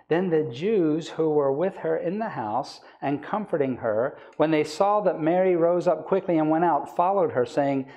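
Mellow-voiced male evangelist preaching. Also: on the high side, highs cut off. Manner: reads scripture aloud, then explains it with rising emphasis. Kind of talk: sermon.

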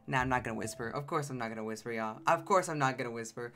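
A young man chatting casually and playfully as the host of a game livestream, quick to exclaim and joke. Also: medium pitch, bright, forceful tone, faint music behind. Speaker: game streamer.

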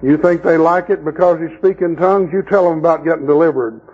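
A man's voice: on the high side, fast, breathy edge, dull audio. A man preaching a sermon at a camp meeting, telling folksy stories and mocking the people he talks about. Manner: folksy storytelling preacher, mocking voices in quoted scenes.

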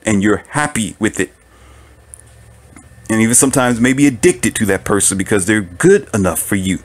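A man giving relationship advice in a casual monologue to listeners, preachy and animated, often laughing at his own points and piling up rhetorical questions. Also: on the low side, fairly quick.

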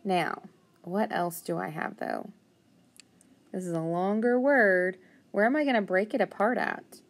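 A woman teaching a phonics lesson, thinking aloud and patiently sounding out words, with steady praise. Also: medium pitch, a little slow, vocal fry.

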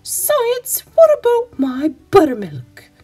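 A woman voicing a fussy queen who scolds in a high, exasperated voice. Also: big pitch swings, takes it slowly, soft background music, exaggerated voice. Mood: scolding.

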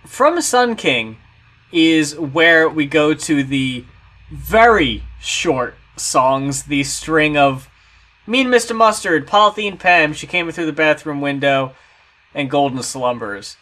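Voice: medium pitch, expressive, slow, fairly bright tone. A co-host in a casual album review chat, wry and laughing along. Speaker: co-host of a music review show.

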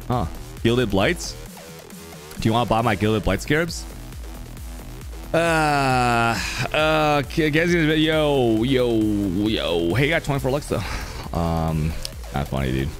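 A young male streamer talks loosely to his chat, his pitch jumping all over the place as he rambles and laughs through his points. Faint music plays underneath his voice. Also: fairly bright tone. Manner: rambling, laughing, filler-heavy talk. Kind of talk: casual live-stream chat.

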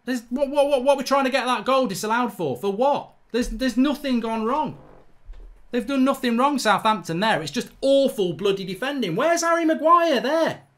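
A man's voice: very high-pitched, lively intonation, normal speed, fairly bright tone. A man hosting live football reaction commentary, ranting and swearing in exasperation at his team's play. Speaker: football fan channel host.

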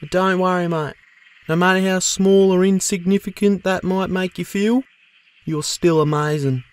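A man's voice: high voice, steady tone, normal speed, natural voice. A man voicing a laid-back male sasquatch in a cartoon, with an Australian accent, drawling and swearing a lot. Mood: chill. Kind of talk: cartoon voice acting.

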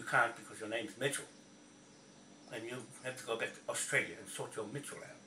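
A video blogger rants angrily to the camera, swearing and repeating himself confrontationally, in a medium-pitched, sharp voice that runs a little fast. The audio is echoey and distant, with faint noise.

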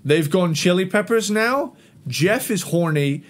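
Slow-talking sarcastic man, laughing often. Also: high-pitched, expressive. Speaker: podcast co-host. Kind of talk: casual review chat.

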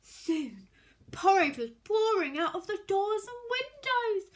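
A woman reads a children's story aloud in a high, expressive voice. Her pitch rises and falls a great deal, and she takes her time, slowing down to draw out each line. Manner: animated, expressive, sometimes hushed.

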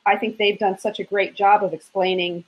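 A woman's voice: mid-range voice, flat delivery, moderate pace. A woman speaking in an easygoing, thoughtful way in a casual online panel chat. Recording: dull lo-fi call audio.

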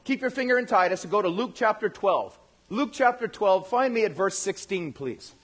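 A male pastor preaching a lively, conversational sermon, speaking directly to his congregation and acting out the voices he quotes. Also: high-pitched, normal speed, husky. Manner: animated, acts out quoted voices.

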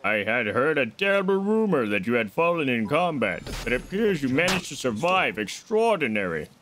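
A man's voice: medium pitch, very animated, moderate pace, a bit bright, slight background noise. A man voicing a giant, regal old fish king, using formal old-fashioned speech. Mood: wistful. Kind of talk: voicing game dialogue on a stream.

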